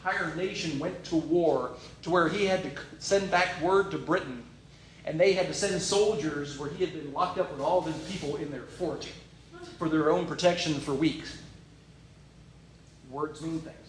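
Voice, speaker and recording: High-voiced preacher in an echoey hall. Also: male voice, moderate pace, a little hiss or hum. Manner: lively, jokey storytelling with asides and restarts. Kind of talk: sermon.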